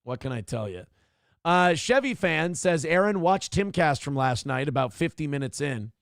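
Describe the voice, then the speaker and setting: A man's voice: a little high, big pitch swings, normal speed, a bit bright, no room sound, studio quality. Profane, sarcastic male show host. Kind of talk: casual live-stream commentary reading chat.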